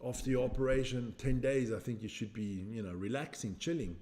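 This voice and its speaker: A middle-aged man hosts a casual watch-along live stream, reacting loosely to a match, answering viewer comments and joking about his age. His voice sits at a medium pitch and sounds mellow, and he talks a little fast.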